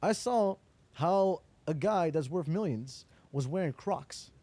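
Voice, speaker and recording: Animated man telling stories. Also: on the high side, takes it slowly, no room sound. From Netherlands. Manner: animated storyteller, acts out quoted dialogue, swears casually. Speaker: interviewee, entrepreneur. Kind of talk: casual interview chat.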